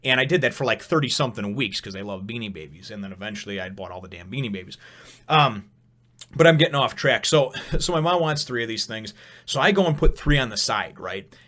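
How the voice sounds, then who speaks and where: Fast-talking man telling a rambling story. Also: medium pitch. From Chicago. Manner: rambling, profane, animated storyteller with asides. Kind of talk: casual storytelling vlog.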